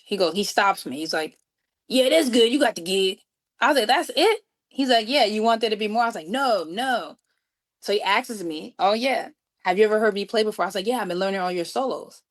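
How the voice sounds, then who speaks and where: A woman from New York City, a guest musician, telling a story with lively acted-out dialogue. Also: mid-range voice. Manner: acts out quoted dialogue with lively voices. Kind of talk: animated storytelling.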